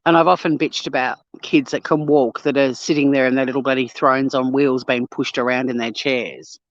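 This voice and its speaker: A woman's voice: a bass voice, moderate pace, no echo. Australian woman, casual walk-and-talk vlogger, blunt and sweary, dry, slightly muffled recording. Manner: blunt and sweary, animated storytelling. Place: outdoors on a walk.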